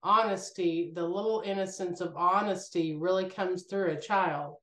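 A woman being interviewed as a guest shares stories in a casual spiritual conversation, full of animated energy and taking on the voices of the people she quotes. Her voice is fairly low and her pace moderate, with a noticeable echo from the room.

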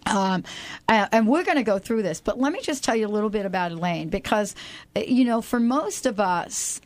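A woman's voice: mid-range voice, animated, fairly quick. A woman hosting a radio talk show, chatty and enthusiastic, rambling a little as she talks.

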